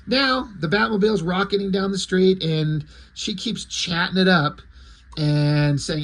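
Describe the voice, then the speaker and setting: A man reviewing a comic book in a casual recap, crude, excitable and sarcastic. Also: sits high, normal speed, slight background noise.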